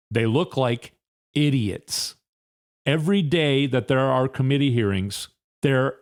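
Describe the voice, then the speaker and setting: A man hosting a solo political commentary podcast, firing off indignant rhetorical questions in a fired-up way. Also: medium pitch. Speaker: podcast host.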